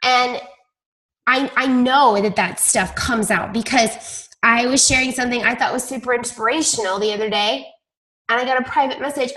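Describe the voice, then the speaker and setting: Chatty woman running her team call, pokes fun at herself, voice sits a bit high. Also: normal speed, fairly bright tone. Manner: chatty, self-deprecating storyteller. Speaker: team leader on a coaching call. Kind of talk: casual team call talk.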